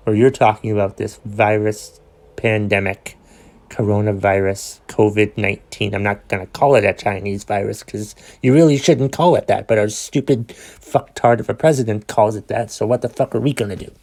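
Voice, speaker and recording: A man's voice: on the low side, fairly even intonation, normal speed, darkish tone. A man hosting his own podcast, ranting with exasperated sighs, swearing and many restarts. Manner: exasperated, profane, sighing rant with restarts. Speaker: podcast host.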